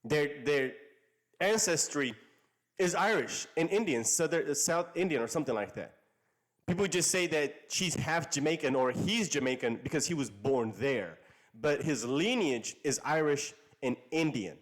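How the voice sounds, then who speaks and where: Lively man chatting and hedging. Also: fairly high pitch, normal speed. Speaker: co-commentator. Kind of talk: casual chat.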